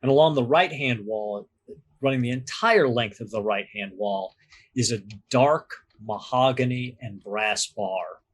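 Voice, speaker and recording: A man narrating a tabletop game as game master, describing scenes in a measured storytelling manner. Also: mid-range voice, husky.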